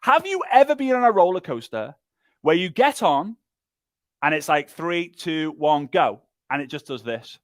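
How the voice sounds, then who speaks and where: Energetic man giving a pep talk. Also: high-pitched, normal speed, no echo, studio quality. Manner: energetic, emphatic, lively, with repetition and mimicry. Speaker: speaker and business trainer. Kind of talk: motivational training talk.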